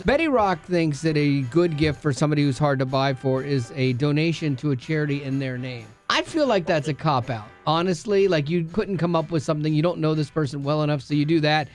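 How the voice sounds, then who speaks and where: Man, radio show host, bantering and teasing, a bit high-pitched, faint music behind. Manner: playful, teasing, quick to laugh.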